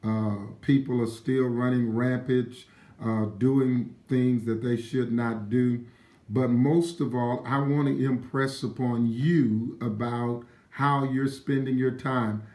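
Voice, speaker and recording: A man delivers a motivational talk in a preachy, emphatic style, repeating key phrases and calling out viewers by name. His voice sits in an ordinary middle pitch. The room around him is echoey. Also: steady tone, slow pace, darkish tone. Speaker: live stream motivational speaker.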